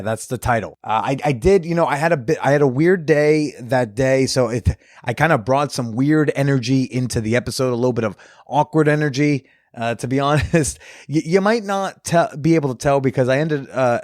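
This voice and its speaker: A man hosting a podcast, doing casual ad reads and fan shout-outs in a jokey, off-the-cuff way with crude humor. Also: medium pitch, no room sound, studio quality. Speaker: podcast host.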